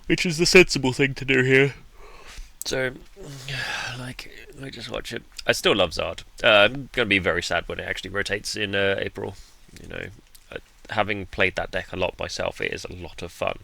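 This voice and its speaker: A man's voice: fairly low pitch, normal speed, gravelly, pushed and bright. A man giving laid-back, self-deprecating commentary over his own card game match, with the odd bit of mild swearing. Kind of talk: casual gameplay commentary.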